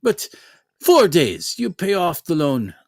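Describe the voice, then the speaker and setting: A man's voice: fairly high pitch, wildly swooping pitch, slow, no echo, studio quality, voice pushed up, full character voice. A man voicing a smug goblin businessman who calls in a loan with oily false kindness. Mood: falsely kind.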